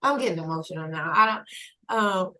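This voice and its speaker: Woman guest, reflective and halting, emotional as she talks. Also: on the low side, animated, pushed and bright, poor audio. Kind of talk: emotional conversational sharing.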